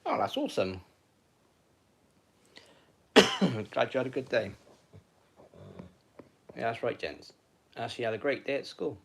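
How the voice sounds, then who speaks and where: A man's voice: mid-range voice, very animated, a little slow, gravelly, pauses often, noisy background. A man chatting casually on a live stream from home, rambling and talking to viewers and his dog.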